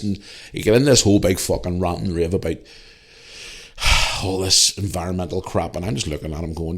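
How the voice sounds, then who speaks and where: A man's voice: low-pitched, a little fast, fairly bright tone, slightly rough. A man from Northern Ireland with a Northern Irish accent, hosting a podcast and telling a story in a blunt, heavily swearing way. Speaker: podcast host. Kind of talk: casual storytelling.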